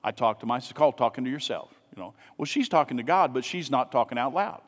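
A man's voice: mid-range voice, expressive, quick pace, long reverb tail. A man pastor preaching a sermon in a casual, conversational way, asking rhetorical questions and dropping asides to his congregation. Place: church sanctuary.

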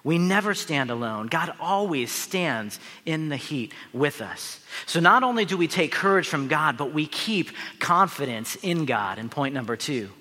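A man's voice: on the high side, lively intonation, unhurried, hardly any pauses, sharp tone, in a large hall. A man, a pastor, preaching a sermon in an earnest, emphatic way, with asides to the listeners.

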